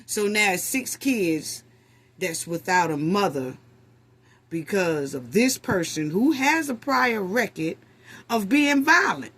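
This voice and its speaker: Casting note: woman host, husky and slow, reacting loudly to clips. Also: medium pitch. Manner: animated, exclaiming, addresses audience as family. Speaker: commentary host. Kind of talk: casual commentary.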